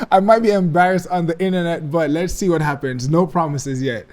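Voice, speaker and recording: A man's voice: fairly high pitch, fairly quick, darkish tone. A man hosting a casual interview, with many short encouraging acknowledgements. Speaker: interview host.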